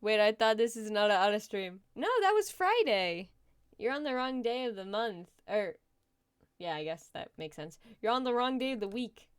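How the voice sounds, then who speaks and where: A woman's voice: medium pitch, normal speed, smooth. A young adult woman chatting casually on a live gaming stream, laughing often and thinking aloud while she plays.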